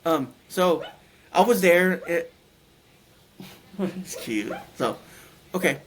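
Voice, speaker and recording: A man recounting a near-death experience as an interview guest, speaking haltingly with many restarts and repeated words, and growing tearful when moved. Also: on the high side, animated, fairly bright tone, slight background noise. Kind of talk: emotional personal account.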